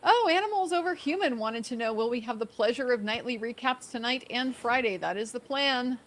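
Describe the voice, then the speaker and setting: A woman on a live stream, chatting in a thoughtful, measured way and answering viewers' questions. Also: fairly high pitch, animated, fairly bright tone. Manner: thoughtful, measured, with small repeats. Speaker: fellow livestreamer. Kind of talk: casual live stream chat.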